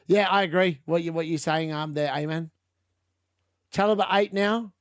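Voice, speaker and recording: A man giving chatty, excitable live commentary on a fantasy football watch-along stream, laughing often and correcting himself as he goes. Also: a little high, moderate pace, clear, resonant tone, no room sound, studio quality. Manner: corrects himself mid-sentence.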